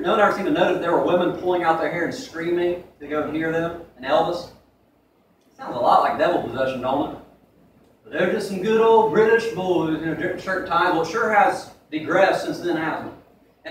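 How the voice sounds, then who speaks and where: Young man, high-voiced, rapid conversational preacher, recorded from afar in a very echoey church. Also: a little hiss or hum. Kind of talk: sermon. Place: church sanctuary. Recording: echoey room from far off.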